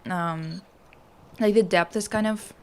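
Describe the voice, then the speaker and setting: A woman's voice: on the low side, fairly even intonation, slow, slight background noise. Woman musing casually about art. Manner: thoughtful, many fillers and hedges; laughs easily, enthusiastic asides. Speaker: co-host.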